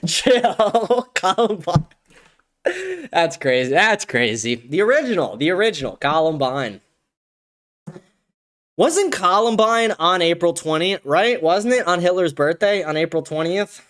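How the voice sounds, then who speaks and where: Rambling high-voiced young man streaming. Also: lively intonation, moderate pace, fairly bright tone. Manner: rambling, profane, laughs often, many fillers. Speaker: livestream host reading chat. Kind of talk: casual livestream chat.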